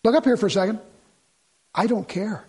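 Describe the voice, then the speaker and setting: A male pastor preaches with a husky, fairly high voice. He talks to the congregation in a conversational way and acts out short quoted lines as he goes. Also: brisk. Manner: conversational preaching, quoting people in lively asides. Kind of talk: sermon.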